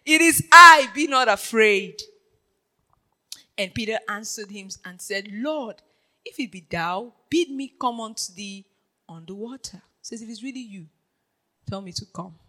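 A preacher giving a lively sermon, dropping to a hush and then rising to shouts, laughing often and checking in with the congregation. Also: medium pitch, moderate pace, low-quality recording. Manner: animated, swings from hushed to shouting, laughs often; keeps checking in with the audience.

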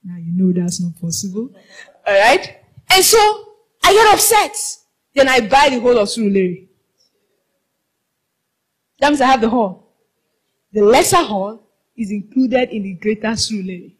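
Woman preacher, high voice, fervent, sings lines and draws responses from the hall. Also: animated, measured pace, long pauses, slightly rough. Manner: fervent, half-sings phrases, calls for responses from the congregation. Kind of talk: sermon. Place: large hall with a congregation.

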